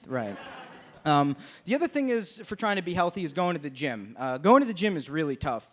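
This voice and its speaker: A young man working a comedy club stage with a stand-up set, his voice sitting a little high for a man. He delivers crude, brash punchlines with a casual, conversational rhythm. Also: big pitch swings, brisk.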